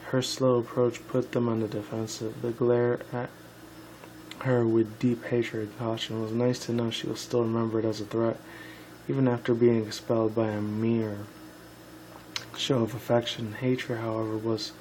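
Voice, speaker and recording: A man's voice: mid-range voice, little pitch movement, moderate pace, darkish tone, slight background noise, poor audio. A tired young man reading a fan story aloud, stumbling over words and correcting himself with casual asides. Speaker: fan fiction reader.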